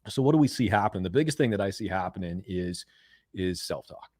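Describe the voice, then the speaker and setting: The guest, a mental performance coach, is an American man in his forties with a low voice and a brisk delivery, recorded dry. In this conversational interview he tells animated stories full of repeated words, loudly acting out quoted voices.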